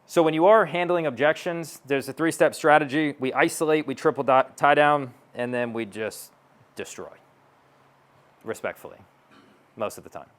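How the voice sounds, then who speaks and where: A man's voice: fairly high pitch, moderate pace. A man giving a stage talk to an audience as a sales coach, brash and blunt, swearing and acting out both sides of dialogues.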